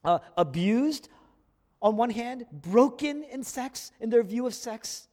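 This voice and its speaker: A man preaching a sermon as a pastor, swinging from loud emphatic peaks down to near-whispered lines. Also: very high voice, animated, slow. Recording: long hall reverb.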